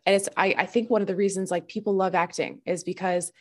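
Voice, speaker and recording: A woman in casual conversation about tabletop games, animated, laughing often, her pitch jumping when excited. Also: quick pace. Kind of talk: casual chat.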